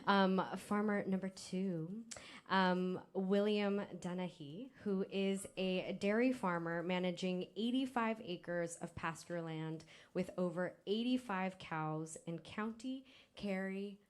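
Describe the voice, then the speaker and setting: A woman hosting a live storytelling event, introducing speakers in a loose, rambling way with many pauses and fillers. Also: on the low side, clear, resonant tone. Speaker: event host.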